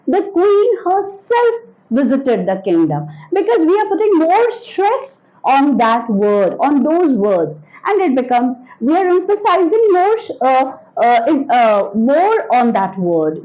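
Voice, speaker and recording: A woman teaching an English grammar lesson to children, speaking slowly and repeating each point with examples. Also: high-pitched, darkish tone, highs cut off. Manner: addresses children directly.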